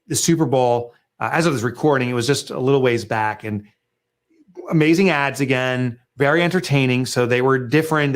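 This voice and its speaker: A middle-aged man, an author and guest, talking business in an animated, emphatic way and acting out sales pitches in lively asides.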